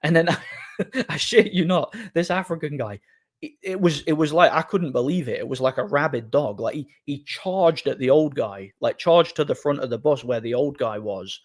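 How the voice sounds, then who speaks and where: A man hosting a livestream, telling a rambling anecdote in an animated, casual way and acting out quoted dialogue. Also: fairly high pitch, moderate pace. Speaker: livestream host. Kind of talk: casual storytelling to a live audience.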